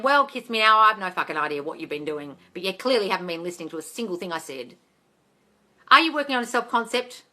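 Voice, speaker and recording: A woman's voice: on the high side, bright, forceful tone. A woman hosting a live manifestation Q&A on her phone, reading comments aloud and answering bluntly and playfully, often swearing and calling people darling. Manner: blunt, profane, playful, calls everyone darling.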